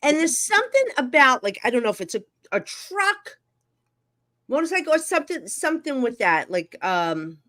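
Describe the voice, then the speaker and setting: Bright high-voiced woman podcast guest. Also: very animated. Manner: quick asides, trailing off with like and whatever. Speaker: guest psychic medium. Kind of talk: casual chat.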